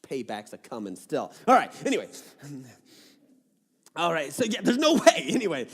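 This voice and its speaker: A high-pitched man preaches in a church hall, his voice trailing off in a long reverb. He reads scripture aloud, then drops into joking, casual asides. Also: huge pitch swings, normal speed, long pauses, a bit bright, husky. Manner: jokey, casual asides between readings. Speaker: pastor. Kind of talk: sermon reading and explaining scripture.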